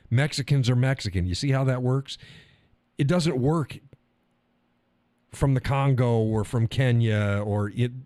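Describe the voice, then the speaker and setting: A man's voice: mid-range voice, a little mellow, no echo. A man from the United States, host of a live stream, ranting bluntly and profanely in a casual opinion monologue.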